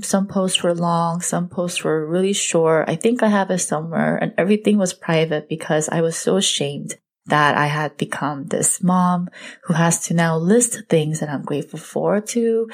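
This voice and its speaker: A woman in her thirties hosting her own podcast, telling a personal story in an earnest, confessional way. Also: low voice. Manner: earnest, confessional, slows down on emotional points. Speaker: podcast host and blogger.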